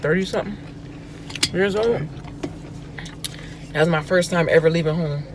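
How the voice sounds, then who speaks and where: A woman from Florida, hosting a vlog and telling a personal story in casual chat from inside a car, expressive and chatty. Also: on the low side, normal speed, background noise. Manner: chatty, expressive, voice rises for quoted reactions. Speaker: vlog host.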